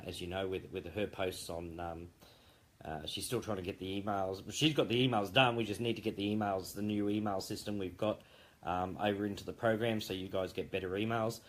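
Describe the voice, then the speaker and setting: A man founder giving a rambling, jokey live update late at night, full of fillers and restarts. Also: deep voice.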